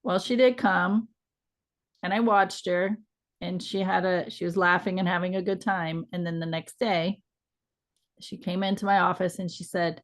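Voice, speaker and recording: Low-voiced woman telling a story. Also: fairly even intonation, unhurried. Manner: reflective, gently reassuring storyteller. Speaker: podcast co-host. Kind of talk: casual conversational storytelling.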